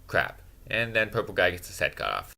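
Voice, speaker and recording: Fast-talking sarcastic man recapping a movie. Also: low voice, creaky, noisy background. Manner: deadpan self-mocking snark. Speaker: movie reviewer.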